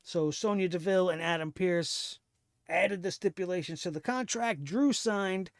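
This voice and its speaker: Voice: medium pitch, normal speed, no room sound, studio quality. A wrestling show reviewer ranting in a sarcastic, profane way about the latest episode. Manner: profane, sarcastic, heated rant.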